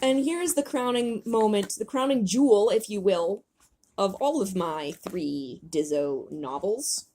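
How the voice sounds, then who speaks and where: Animated young woman with a husky voice. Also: medium pitch, moderate pace. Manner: animated reading, breaking into laughter. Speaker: host reading her old writing. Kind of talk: comedic reading of her childhood novel.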